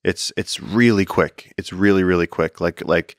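A man speaking as a podcast guest, a conservationist and explorer, telling stories in an animated, casual way and often repeating words as he goes. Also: sits low, normal speed, dry recording, studio quality. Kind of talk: casual storytelling conversation.

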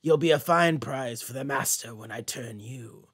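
A man voicing a menacing vampire villain who talks slowly and low. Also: fairly bright tone, husky. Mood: gloating.

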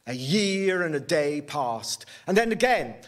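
A man telling a folk tale live at a workshop event, with slow, measured, rhythmic telling. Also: on the high side, big pitch swings, a bit bright. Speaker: storyteller.

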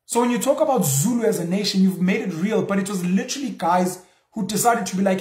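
A young South African man talks through a casual solo monologue, voice sitting fairly high for a man. He slips into little acted-out exchanges as he goes. The room around him rings with echo. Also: quick pace. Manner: animated, acts out imagined dialogue in asides. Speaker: show host. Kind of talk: casual monologue on culture and religion.

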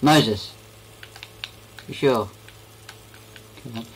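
A man's voice: mid-range voice, extremely slow, a little hiss or hum, rough recording. A young man giving goofy, rambling commentary while playing a game. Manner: goofy, rambling, talks to himself. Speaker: gaming video creator.

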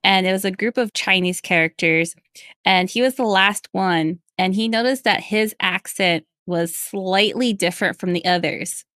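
A woman hosting a podcast interview, telling a short anecdote in a relaxed, unhurried way. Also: mid-range voice, no echo, studio quality. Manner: unhurried, relaxed storyteller, adds short affirming fillers. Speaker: podcast host. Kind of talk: casual interview chat.

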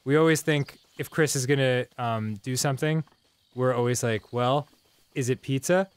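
A man's voice: mid-range voice, normal speed, clear, resonant tone, no room sound. A man co-hosting a gaming show, telling rambling playful anecdotes in casual banter. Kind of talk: casual let's-play banter.

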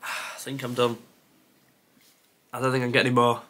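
A man's voice: mid-range voice, completely flat delivery, moderate pace, a bit bright. A man who creates football content, thinking aloud to himself during a timed quiz, muttering and sighing with self-deprecating asides.

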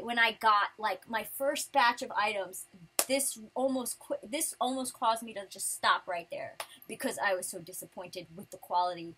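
A chatty woman vlogger with a slightly high, breathy voice. She rambles through her prize haul in a casual way and breaks into animated outbursts. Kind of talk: casual chat.

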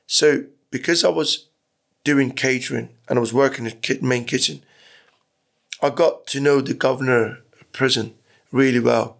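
A man's voice: mid-range voice, fairly even intonation, moderate pace, vocal fry, fairly bright tone. A middle-aged man from Iran, a podcast guest telling his story candidly, with rambling talk and frequent swearing. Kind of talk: casual storytelling interview.

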